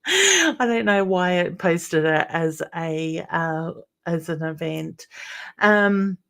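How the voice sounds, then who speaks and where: Slow-talking Australian woman, low voice. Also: animated, a bit bright. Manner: greets viewers by name and calls them honey; rambling, with many ums and uhs. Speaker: psychic medium hosting a weekly live stream. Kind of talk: live-stream chat, reading viewer comments aloud.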